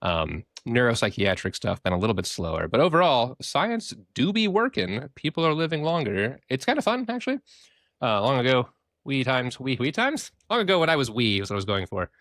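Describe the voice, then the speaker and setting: A man's voice: medium pitch, big pitch swings, fairly quick, a bit bright, dry recording, studio quality. A man co-hosting a podcast in casual chat, talking in a playful, jokey way. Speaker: podcast co-host.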